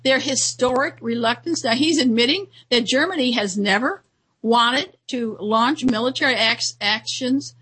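A woman's voice: fairly high pitch, measured pace, a bit bright, slightly rough, low-quality recording. A woman hosting a commentary show, talking through news items in a rambling, indignant monologue with frequent fillers and restarts.

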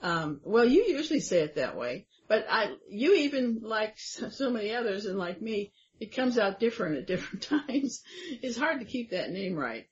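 A woman's voice: mid-range voice, sing-song, moderate pace, slight background noise. Woman asking questions, kinda chatty, um-ing along, muffled lo-fi audio. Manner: chatty, thinking aloud with fillers. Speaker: interviewer. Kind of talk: conversational interview. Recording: dull lo-fi sound.

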